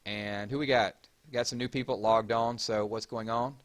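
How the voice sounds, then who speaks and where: With a steady tone, medium pitch, and moderate pace, a Southern-accented man from Georgia hosts a relaxed livestream. He chats while reading out viewer comments and giving shout-outs.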